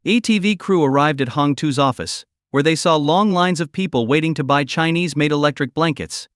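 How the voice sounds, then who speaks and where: A man narrating a recap story in a steady, scripted storytelling delivery. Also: a little high, brisk, hardly any pauses, no room sound, clean studio sound.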